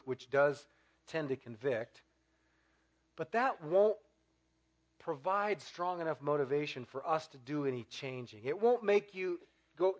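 High-voiced, animated male preacher. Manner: animated, repetitive preaching with rising emphasis; wry humor. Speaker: pastor. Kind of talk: sermon.

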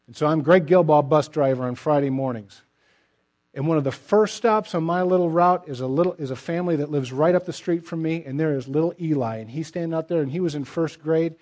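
A middle-aged man preaching with a mellow, dark tone and a fairly high pitch for a man. He drives his points home with emphasis and lets many phrase ends drop away softly. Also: fairly quick. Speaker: pastor. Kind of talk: sermon.

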